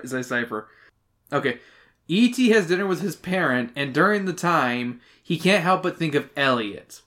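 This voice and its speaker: A man reading out chapter summaries on a casual podcast, breaking off for crude jokes and plenty of swearing. His pitch swings up and down a lot as he talks. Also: fairly bright tone. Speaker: podcast co-host. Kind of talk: casual book-review chat.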